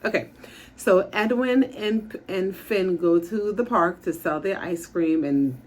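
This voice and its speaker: There's slight background noise as a woman with a fairly low, darkish voice recaps a TV episode from her office. She's a TV show reviewer and therapist recording on a makeshift setup without her usual equipment, chatting casually and voicing the characters' lines quickly.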